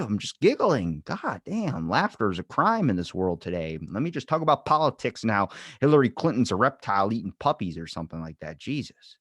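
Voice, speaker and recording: A man's voice: lowish voice, big pitch swings, fairly quick, few pauses, no echo, studio quality. An American man hosting a podcast, telling jokey stories in casual chat. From United States. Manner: joking storyteller, drops to mumbles. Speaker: podcast host.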